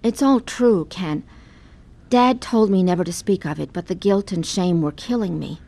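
A woman's voice: lowish voice, normal speed, gravelly, warm tone. An actress playing a middle-aged wife who narrates her own story in a radio drama, earnest and heavy with pain. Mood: grieving. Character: weary wife recalling her troubled past. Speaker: narrator and lead character.

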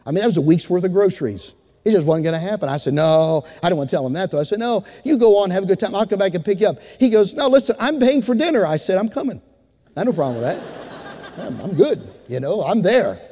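A man's voice: sits high, lively intonation, fast talker, warm tone, big-room sound. A man preaching a sermon, telling a story and then rising into fervent exhortation to his congregation. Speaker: pastor.

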